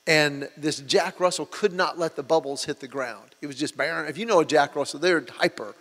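A man's voice: fairly high pitch, fairly quick. A man preaching a sermon, telling stories and acting out quotes as he goes. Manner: storytelling, with lively acted-out quotes. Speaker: pastor. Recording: hall reverb and mains hum.

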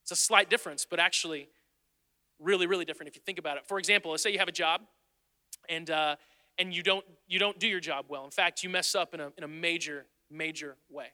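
A man's voice: on the high side, steady tone, quick pace, bright, forceful tone, in a large hall. A male pastor preaching a sermon in a church, in an earnest, conversational way that repeats phrases for emphasis. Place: church sanctuary.

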